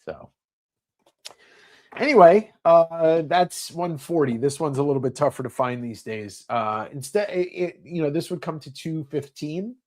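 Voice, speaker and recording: A man's voice: a little high, expressive, normal speed, hardly any pauses, darkish tone. A man hosting a comic sale livestream in casual sales chat, rambling with lots of fillers.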